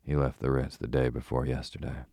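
A man voicing a fussy, precise older male detective who speaks placidly and deliberately, with foreign turns of phrase. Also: a bass voice, level tone, vocal fry, warm tone, no echo, clean studio sound, exaggerated voice.

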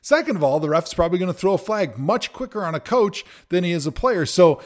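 Lively joking man on a sports podcast. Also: high voice, fast. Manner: opinionated, joking, rambling. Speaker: podcast co-host, former NFL player. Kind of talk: casual sports chat.

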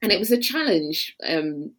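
A woman from London with a London English accent, chatting as a podcast guest, laughing often and filling pauses with "um" and "you know.". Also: lowish voice, big pitch swings. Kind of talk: casual interview chat.

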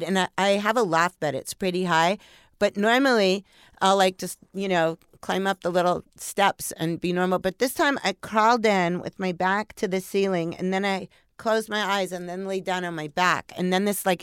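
A middle-aged woman who is a podcast guest, telling a story in a casual, animated way and swearing freely. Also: fairly low pitch, smooth, no room sound, clean studio sound. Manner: animated, profane, acts out her inner voices. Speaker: podcast guest, paranormal investigator.

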